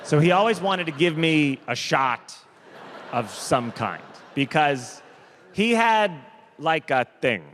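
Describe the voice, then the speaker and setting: A man performing a stand-up comedy set on stage, telling stories deliberately and drawn out, with quick asides. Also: fairly high pitch, sing-song, fairly bright tone. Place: large theater stage. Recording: live comedy hall with long reverb, faint crowd noise.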